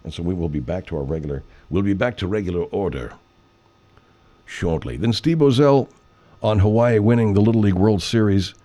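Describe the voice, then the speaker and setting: A man hosting a radio show, chatting casually off air in a rambling, profane way with frequent throat-clearing. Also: low voice, brisk, mellow.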